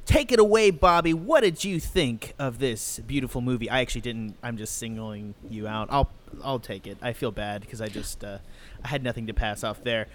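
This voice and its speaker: A man's voice: medium pitch, moderate pace, a little hiss or hum. A man hosting a casual movie-review podcast, joking and teasing his guests and laughing often. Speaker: podcast host.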